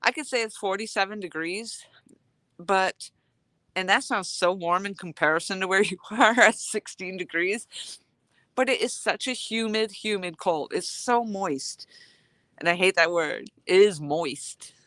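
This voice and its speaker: A woman's voice: mid-range voice, normal speed, a bit bright, no room sound. A woman live-streaming from a cold outdoor dock on her phone, sniffly from the cold and chatting in a rambling way while greeting viewers. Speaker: live-streaming fishing vlogger. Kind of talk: casual live-stream chat. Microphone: phone held at arm's length.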